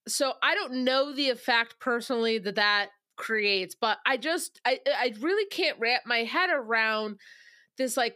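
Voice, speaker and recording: A bright, fairly high-voiced woman chats casually as a podcast co-host. She is animated and outspoken, swears freely and slips into exaggerated voices to mock people. The sound is close and dry. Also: dry recording. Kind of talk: casual chat.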